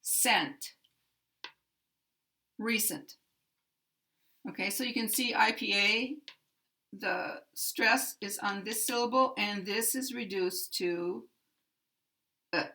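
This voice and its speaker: An American woman gives a pronunciation lesson at an unhurried, deliberate pace. Her voice is bright and clear, and she draws out key words to show how they are stressed. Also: mid-range voice. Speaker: pronunciation teacher.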